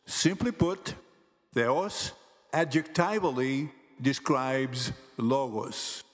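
A man teaching Greek grammar in slow, careful scripted narration, pronouncing each word deliberately. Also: medium pitch, animated. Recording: long hall reverb with faint music.

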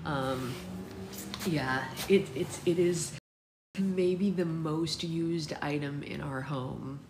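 A chatty woman with a low voice hosts a casual book club stream from home, laughing easily and leaning on "like" as she talks. The phone recording carries a steady air-conditioner hum behind her. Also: drawn-out words. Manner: chatty, laughing, lots of "like" fillers. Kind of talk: casual livestream chat. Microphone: phone livestream.

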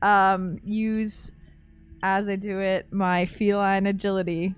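A woman's voice: medium pitch, flat delivery, takes it slowly, smooth, faint music behind. A woman playing a tabletop game, chatting casually with frequent giggles and hesitations. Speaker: player. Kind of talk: casual game play chat.

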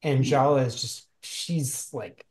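A man narrating as game master of a tabletop game, halting and full of fillers and restarts. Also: mid-range voice, a little mellow.

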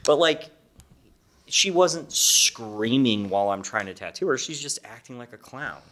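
A man's voice: mid-range voice, expressive, a little slow, fairly bright tone. A man, a tattooer on a podcast panel, chatting in a laid-back way and swearing casually. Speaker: tattooer guest.

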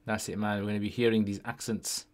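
A man's voice: fairly low pitch, little pitch movement, fast talker. A man hosting a casual livestream Q&A, chatty and often tagging his sentences with "yeah?". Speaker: livestream host answering questions.

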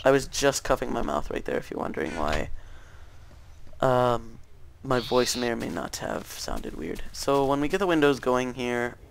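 A man's voice: medium pitch, expressive, moderate pace, creaky, a little hiss or hum. A young man rambling through casual gameplay commentary, hesitant, with many fillers and restarts. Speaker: gaming YouTuber.

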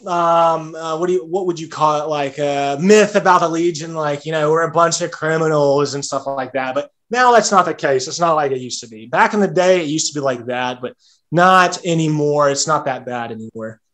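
A man's voice: on the high side, normal speed, fairly bright tone. A young American man on a podcast, casually rambling with frequent restarts and "like" fillers. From United States. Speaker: guest, serving legionnaire.

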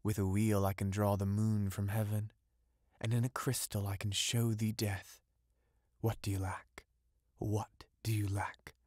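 A man's voice: on the low side, flat delivery, no room sound, studio quality, lightly acted. A man voicing a whispering seductive sea witch. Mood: enticing. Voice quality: hushed, whispering. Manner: slow, teasing, crooning.

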